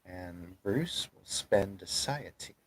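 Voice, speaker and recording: A man narrating as game master in a tabletop role-playing game, measured and storytelling. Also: sits low, animated, slightly rough, rough recording.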